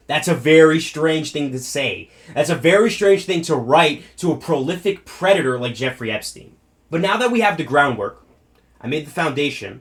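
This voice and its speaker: A man's voice: fairly high pitch, fairly bright tone. A man commenting on the news in a blunt, rambling style, with profanity and asides. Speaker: political commentator. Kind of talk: commentary video.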